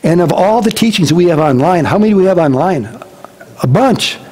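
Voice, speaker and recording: A pastor giving a casual, chatty sermon, telling personal stories in an animated way and laughing along the way. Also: male voice, high-pitched, fairly quick, poor audio.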